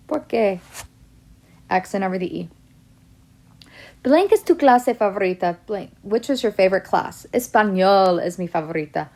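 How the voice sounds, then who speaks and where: A woman's voice: mid-range voice, animated, normal speed, long pauses, a little mellow. A woman teaching a Spanish lesson to her students, reading out example sentences and explaining each answer step by step. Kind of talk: classroom lesson video.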